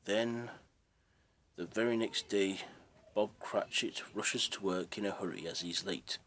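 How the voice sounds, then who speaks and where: A man's voice: lowish voice, unhurried, fairly bright tone, slight background noise. A man casually retelling a story as its narrator, in a rambling, unpolished way.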